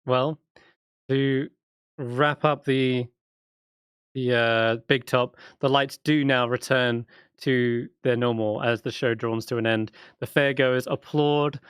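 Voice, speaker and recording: A man's voice: mid-range voice, steady tone, a bit bright, smooth, no echo. A man narrating as dungeon master in a casual, laughing way. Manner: casual, laughing, quick asides. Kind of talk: narrating a tabletop game.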